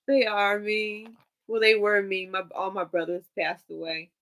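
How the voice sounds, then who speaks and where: A woman telling long personal stories in casual chat, animated and laughing as she acts out what people said. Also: medium pitch, low-quality recording. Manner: animated, laughing, quotes people in shifting voices. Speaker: tarot reader on a livestream. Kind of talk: casual storytelling.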